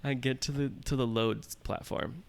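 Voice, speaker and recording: A man in his thirties, co-hosting a podcast, casually tells a long story and acts out his own fearful lines in quotes as an animated storyteller. His voice is medium-pitched with vocal fry, at a normal speed.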